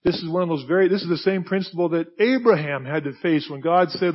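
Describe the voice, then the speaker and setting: A pastor preaching a sermon, swinging from hushed, slow emphasis to loud, forceful passages. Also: male voice, fairly high pitch. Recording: dull lo-fi sound.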